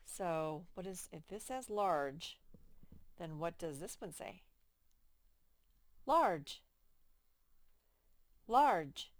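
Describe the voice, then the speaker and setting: Slow, patient woman teaching phonics. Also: fairly low pitch, no echo. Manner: slow, clearly stretched-out words for children. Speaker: first-grade teacher. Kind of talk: slow, patient phonics lesson to young children.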